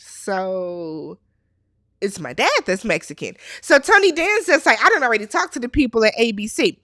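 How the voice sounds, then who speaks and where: A woman's voice: a little high, bright, forceful tone, no room sound, clean studio sound. A woman hosting a casual TV recap, chatty and opinionated, acting out the characters' lines as she goes. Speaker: recap host.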